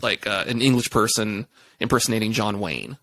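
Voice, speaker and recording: Older man, casual music chat co-host, relaxed, trailing sentences, dry recording. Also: on the low side, a little fast, dry recording. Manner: easygoing, laughs often, trailing sentences.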